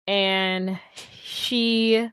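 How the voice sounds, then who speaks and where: A woman's voice: medium pitch, steady tone, extremely slow, fairly bright tone, clear, resonant tone, no echo, clean studio sound. A woman co-hosting a podcast, chatting casually and joking as she recaps a movie. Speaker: podcast co-host.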